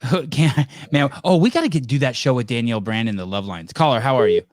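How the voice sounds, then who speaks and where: A man's voice: medium pitch, lively intonation, fast talker, no room sound, studio quality. A man hosting a live call-in podcast, joking and teasing callers in casual, rambling banter. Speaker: podcast host.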